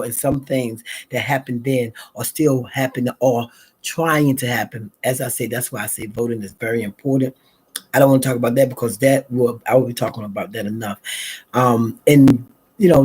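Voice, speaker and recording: A middle-aged woman from the American South, with a very deep, darkish, husky voice and a Southern US accent, vlogs a casual morning chat. She tells stories in a drawling manner, laughing as she goes.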